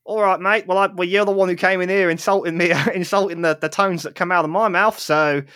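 A man's voice: sits high, steady tone, fairly quick, a bit bright, no room sound, studio quality, voice pushed up. A man voicing a brash male thief who stammers through restarts and calls everyone mate. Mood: cocky.

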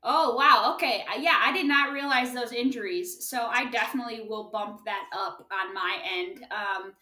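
A woman's voice: a little high, moderate pace, pushed and bright. A woman co-hosting a podcast in upbeat, agreeable casual chat. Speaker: podcast co-host. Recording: echoey room.

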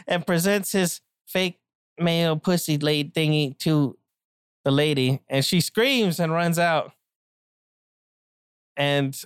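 Low-voiced woman improvising a silly story. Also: clean tone, dry recording, clean studio sound. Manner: rambling, giggly, self-mocking. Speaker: comic storyteller.

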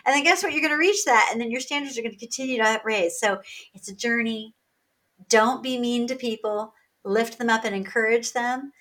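A woman guest on a podcast, talking with lively energy, laughing often and acting out bits of dialogue as she tells stories. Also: fairly high pitch, brisk. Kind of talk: animated conversational storytelling.

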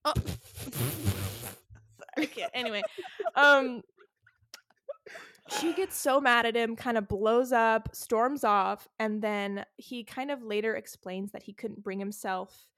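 A woman's voice: fairly high pitch, animated, slow pace, long pauses, fairly bright tone, no room sound, clean studio sound. Chatty woman recapping a book. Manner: chatty, heavy use of "like". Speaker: podcast co-host. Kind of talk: casual book recap chat.

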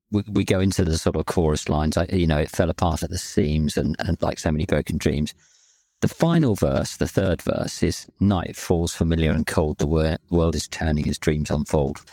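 A man, a songwriter in a band, talking in a halting, emotional way, often repeating words. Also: low voice, mellow, dry recording. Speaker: lyricist and singer in a band. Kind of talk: reflective podcast chat.

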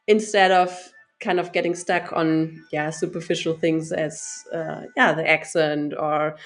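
A woman's voice: low-pitched, steady tone, a little slow, soft background music. A woman in casual conversation who hesitates, searches for her words and laughs often. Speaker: discussion participant.

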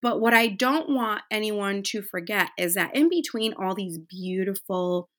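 A podcast host, a woman in her thirties, delivers a casual, heartfelt monologue at a measured pace. Her mid-range voice sounds bright and forward, and she's chatty and full of fillers.

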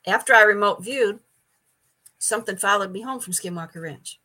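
A woman's voice: mid-range voice, normal speed, pushed and bright. An older woman telling stories as a guest in a casual interview, chatty, stumbling over repeated words and laughing often. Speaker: psychic medium guest.

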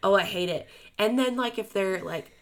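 A woman's voice: medium pitch, normal speed. A woman co-hosting a book podcast, talking in a casual, chatty way full of fillers and restarts.

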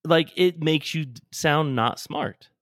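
A man co-hosting a casual podcast, talking in a hesitant, halting way with lots of ums. His voice sits mid-range and sounds dry and close. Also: a little high, a bit bright, dry recording. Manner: hesitant, many fillers and restarts. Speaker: podcast co-host. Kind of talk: casual chat.

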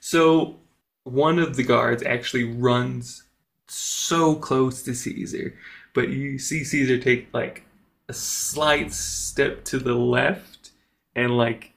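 Slow gravelly game master. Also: male voice, mid-range voice, steady tone, fairly bright tone. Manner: unhurried, filler-heavy narration. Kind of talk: narrating a tabletop game. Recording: music playing underneath.

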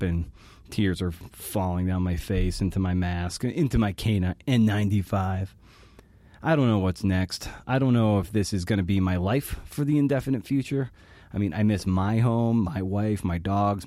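A man speaks in a somewhat low register, hosting his own podcast. His delivery is halting and emotional, full of restarts. The sound is dry, with no room echo. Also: mellow. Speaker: podcast host. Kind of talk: personal monologue.

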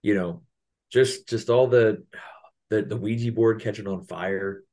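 A man who is a podcast guest, chatting about a film in a laid-back, agreeable way with quick short replies. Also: fairly low pitch, a little mellow. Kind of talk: casual chat about a film.

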